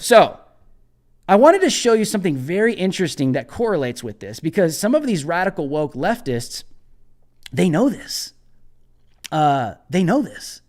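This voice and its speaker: A man with a notably high-pitched voice hosts a live commentary show. He talks bluntly and combatively and hammers his points by repeating phrases. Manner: emphatic, repeats phrases for emphasis. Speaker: host.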